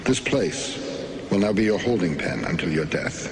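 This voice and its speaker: A man's voice: sits low, lively intonation, moderate pace. An actor playing a stern man addressing prisoners, grim and commanding, in a film clip. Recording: film clip with loud background noise.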